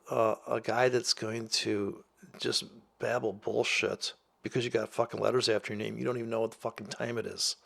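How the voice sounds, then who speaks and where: Man, gravelly voice, mid pitch, sarcastic, profane rant. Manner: sarcastic, swears constantly, mocking voices. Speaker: forex trading vlogger. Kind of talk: profane ranting monologue.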